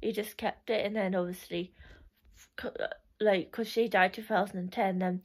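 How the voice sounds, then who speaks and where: A woman's voice: mid-range voice, steady tone, normal speed. A young woman reminiscing in a casual, rambling way, full of "like" and restarts, often laughing.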